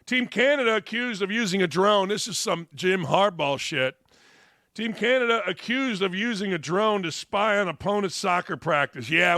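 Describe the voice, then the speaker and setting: A middle-aged male sports talk host riffs with mocking sarcasm, erupting into loud shouted bursts. His voice is high and bright, and the studio sound is close and dry with no echo.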